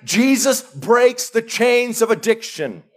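A man's voice: extremely high pitch, big pitch swings, slow. A man preaching a live sermon as a pastor, emphatic and repeating key words for force.

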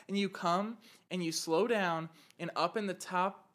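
A woman's voice: fairly low pitch, measured pace. Woman animatedly retelling a story. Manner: animated storytelling, laughing, swearing. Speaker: podcast co-host. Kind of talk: casual chat.

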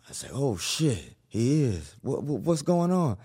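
A man telling a wild personal story in an animated way, acting out the voices of the people in it, swearing and laughing often. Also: mid-range voice, slow, slightly rough. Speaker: guest telling his story.

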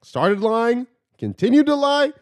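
A man hosting a podcast in casual chat, slangy and profane, laughing often and getting animated when he tells stories, on a studio microphone. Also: very high-pitched, unhurried.

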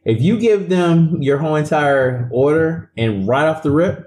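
A man's voice: on the high side, unhurried, poor audio. Laughing man telling rambling rant. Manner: laughs often mid-story, animated slang. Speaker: podcast co-host. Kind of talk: casual chat, storytelling rant.

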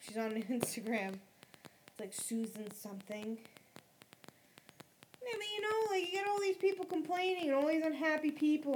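A woman co-hosting a casual podcast chat, ranting in a crude, profane, animated way. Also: high-pitched, moderate pace, slight background noise.

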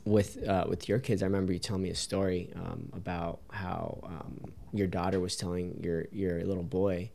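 Young male host, very deep, casual and rambling. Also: little pitch movement, moderate pace, vocal fry, hardly any pauses, warm tone, slight background noise. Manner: rambling, many fillers and restarts. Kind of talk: casual interview.

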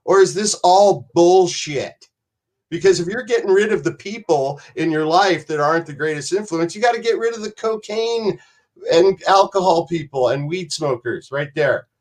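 A man with a slightly high voice speaks at a moderate pace as a podcast guest. He tells rambling, profane stories casually, acting out other people's voices as he goes.

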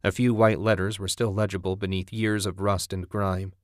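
A man narrating a story in a steady, even audiobook style. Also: deep voice, moderate pace, dry recording, clean studio sound.

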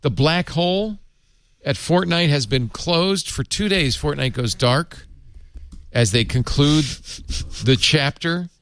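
A man's voice: on the high side, lively intonation, slow, fairly bright tone. A man hosting a casual tech panel chat, jokey and reading news items aloud. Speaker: host.

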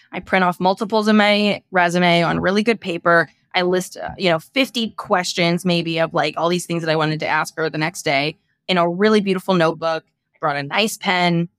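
A woman's voice: on the low side, no echo, clean studio sound. A young woman hosting a podcast, telling a personal story casually and acting out the voices of the people in it, with frank, casual swearing. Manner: animated, acts out quoted voices. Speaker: podcast host.

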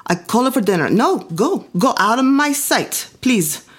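A woman's voice: a little high, sing-song, a little slow, slightly rough, pitched above the performer's own voice, heavily acted. A woman voicing a stern immigrant mother who scolds her children in broken English. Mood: scolding.

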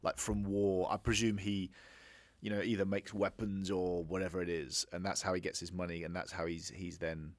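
A man's voice: low voice, dry recording. A man co-hosting a casual movie review chat, hesitant and full of restarts. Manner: hesitant, many restarts and trailing off. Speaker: film review co-host.

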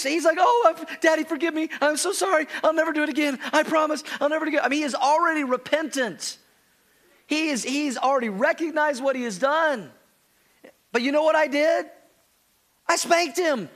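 A man preaching a sermon, telling family stories with acted-out voices, then turning soft and earnest. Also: extremely high pitch. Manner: animated storytelling, acting out his child's pleading voices; drops to a soft, slow earnest tone for the teaching. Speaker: pastor.

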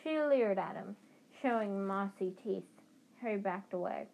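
A woman's voice: mid-range voice, expressive, unhurried, vocal fry, a little mellow, poor audio. A woman narrating a children's fantasy novel aloud, reading steadily with small restarts. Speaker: audiobook reader. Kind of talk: storybook narration.

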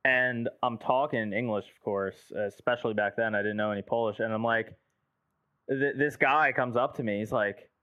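A man's voice: mid-range voice, fairly even intonation, normal speed, sharp tone, dry recording. A man from the United States rambles through stories in casual podcast talk, leaning on "like" and dropping swear words. His voice comes through a muffled, lo-fi channel with no room sound at all. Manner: loose storytelling, heavy filler "like", swears casually. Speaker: guest producer. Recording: dull lo-fi dry sound.

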